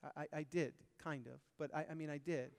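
A male pastor preaching a sermon, animated, swinging between loud emphasis and quiet asides. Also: on the high side, fairly quick, long reverb tail.

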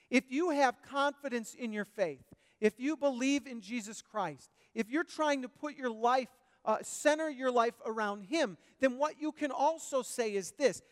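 A male pastor preaching a sermon, animated, swinging between loud emphasis and quiet asides. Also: very high-pitched, a little slow, long reverb tail.

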